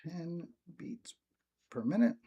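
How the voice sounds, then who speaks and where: A man's voice: a little high, very animated, takes it slowly, dark tone, slightly rough, lo-fi sound. A man teaching guitar on a live stream, casual and rambling, with many ums.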